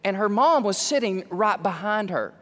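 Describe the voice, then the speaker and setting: High-voiced preacher in a reverberant hall. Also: male voice, moderate pace. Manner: storytelling, rising to excited emphatic peaks. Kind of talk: sermon.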